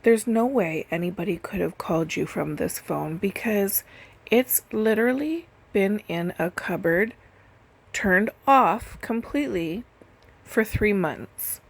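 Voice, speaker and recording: A woman's voice: medium pitch, expressive, unhurried, vocal fry, slightly rough. A woman doing a casual storytelling voice-over, chatty and full of "like" and "literally". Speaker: nail and lash technician telling stories. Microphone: voice-over recorded separately.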